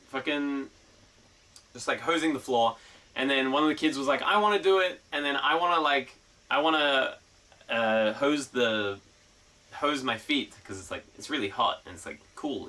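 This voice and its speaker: A man's voice: medium pitch, pushed and bright, recorded from a distance, poor audio. A young man streaming a casual chat, rambling with lots of fillers and freely swearing.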